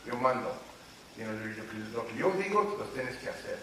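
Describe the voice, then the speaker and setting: A man of around 60 from Los Angeles, an author telling candid personal stories in an interview, animated and confiding and often checking that the listener follows. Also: mid-range voice, fairly quick. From Los Angeles, USA. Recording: echoey room, distant mic, noisy ambience.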